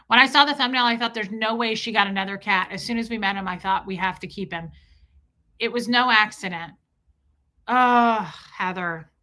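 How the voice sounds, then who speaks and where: A woman's voice: medium pitch, pushed and bright. A young woman hosting a livestream, reading viewer messages and telling a heartfelt story in a casual, emotional way with many fillers.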